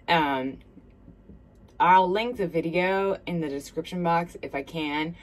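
A woman's voice: on the low side, takes it slowly. A woman in her thirties from South Carolina with a thick Southern accent, chatting in a rambling, friendly way to her viewers while doing her makeup, recorded on a smartphone. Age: 30s. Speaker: beauty vlogger. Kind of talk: casual get-ready-with-me chat.

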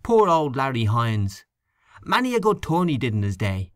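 A scornful, complaining male canvasser in a spoken storybook, as a man reads him. His pitch swings widely as he gossips and grumbles, and the recording is dry and close. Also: very animated, moderate pace, dry recording, natural voice.

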